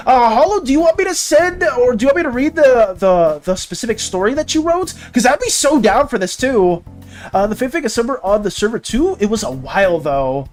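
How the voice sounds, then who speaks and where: An art streamer in casual live-stream chat, reading viewers' messages aloud and answering them. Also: mid-range voice.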